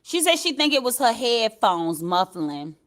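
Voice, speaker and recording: A high-pitched woman hosts a live stream from her home. She chats straight to her viewers, breaking into laughter and swearing without a second thought. Her voice comes through a computer mic. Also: big pitch swings, unhurried, fairly bright tone. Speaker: livestream commentary host. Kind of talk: casual live commentary to chat. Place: at home, upstairs. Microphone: computer mic on a livestream.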